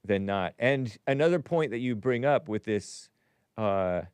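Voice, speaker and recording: A man's voice: on the low side, expressive, a little slow, a little mellow, clear, resonant tone, dry recording. A man hosting a call-in talk show, musing aloud in a wry way and often trailing off.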